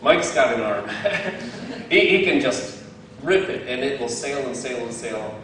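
A lay speaker gives a casual devotional talk outdoors, playful and self-mocking, often laughing at himself. His mid-range voice is animated, a bit bright and measured in pace. The recording is very echoey and distant from the mic, with a little hiss or hum.

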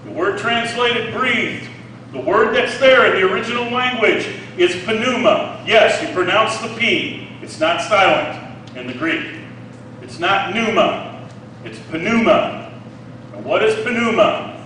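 Animated preacher man in an echoey room. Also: high voice, a little slow, recorded from a distance, slight background noise. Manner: animated, explanatory, checks in with "Okay?". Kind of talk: sermon with Bible reading.

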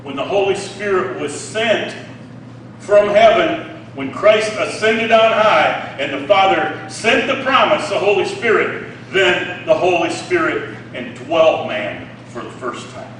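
A man preaching a sermon, reading scripture and explaining it with animated asides, often asking "Okay?". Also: high voice, measured pace, heavy reverb, recorded from a distance, a little hiss or hum, poor audio.

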